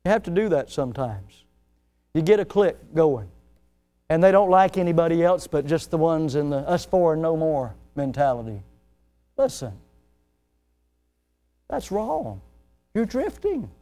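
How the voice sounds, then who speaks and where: A male pastor preaching a sermon, swelling in pitch and volume as he acts out the people he quotes. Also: sing-song, normal speed, pauses often, warm tone.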